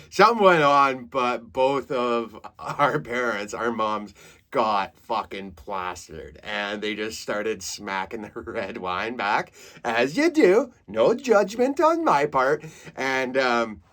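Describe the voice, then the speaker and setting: A man in his thirties from Saskatchewan hosts a comedy podcast. He tells stories in a casual, animated way, laughs at his own jokes and swears freely. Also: mid-range voice, slow. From Saskatchewan, Canada. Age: 30s.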